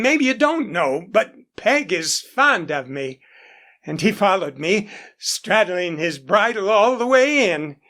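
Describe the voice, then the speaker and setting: A woman's voice: medium pitch, fairly bright tone, pitched above the performer's own voice, full character voice. A woman voicing a playful, coaxing eighteen-year-old ranch girl who loves horses, in an audiobook character voice.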